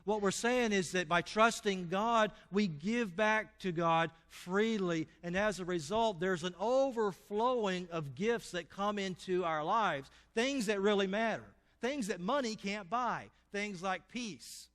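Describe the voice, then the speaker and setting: High-voiced man preaching in a reverberant church. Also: a little slow, hardly any pauses, a bit bright. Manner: storytelling, asks the congregation questions. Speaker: pastor. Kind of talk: sermon. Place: church sanctuary. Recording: long reverb of a church hall.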